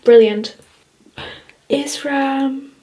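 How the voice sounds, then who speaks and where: A woman's voice: high voice, drawn-out words, noisy background. A woman vlogging her reading, giving a gushing, emotional running commentary full of laughter. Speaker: book vlogger. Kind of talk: casual reading vlog reactions.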